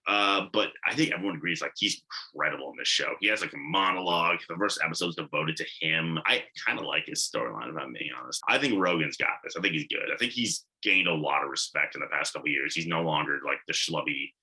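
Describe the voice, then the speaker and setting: A man's voice: extremely low pitch, quick pace, pushed and bright, rough recording. A man giving casual, blunt commentary on TV award predictions, swearing and rambling with asides.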